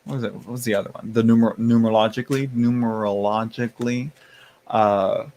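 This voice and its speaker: A man's voice: fairly low pitch, steady tone, brisk, darkish tone, a little hiss or hum. Tired, chatty man live-streaming. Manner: rambling, chatty, with many fillers and restarts; playful sass, addresses chat as y'all and honey. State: tired, yawning. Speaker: tarot streamer. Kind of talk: casual live-stream chat.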